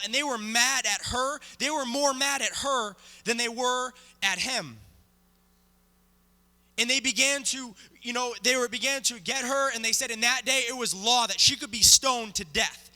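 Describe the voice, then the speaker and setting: High-voiced male guest preacher, dramatic storyteller, booming church hall. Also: moderate pace, sharp tone. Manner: dramatic, acts out the story with volunteers. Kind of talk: sermon storytelling. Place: church sanctuary.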